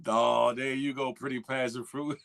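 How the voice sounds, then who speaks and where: A man hosting a morning show reads comments from viewers and chats casually, teasing them with slang and laughing. He delivers it flatly at a measured pace, in a mid-range voice that's creaky yet fairly bright.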